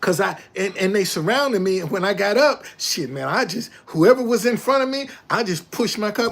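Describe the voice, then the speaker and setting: A man's voice: normal speed, vocal fry, few pauses. An older man streaming live, retelling a confrontation with heavy profanity and repetition, then chatting with viewers. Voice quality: profane, emphatic storytelling with repetitions. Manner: animated, loud retelling, drops low when reading chat. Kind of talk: casual live stream talk.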